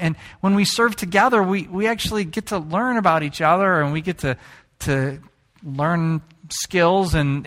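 A man preaching a sermon, telling stories in an animated way and joking with the congregation. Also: high-pitched. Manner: animated storytelling, jokes with the congregation. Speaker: pastor.

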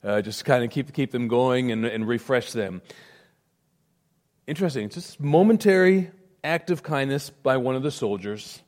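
A male pastor preaching a sermon. He swells into loud emphasis and then drops to a near hush. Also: medium pitch, expressive, moderate pace.

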